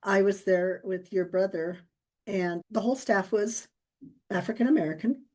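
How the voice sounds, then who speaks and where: A woman's voice: medium pitch, steady tone, normal speed, warm tone. Reflective woman podcast co-host, storytelling. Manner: storytelling, laughs often, reflective. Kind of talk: casual conversation.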